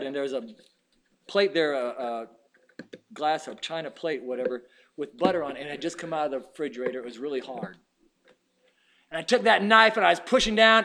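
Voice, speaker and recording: A man's voice: fairly high pitch, slight background noise. A man preaching a sermon in a fervent, folksy way, weaving in personal stories.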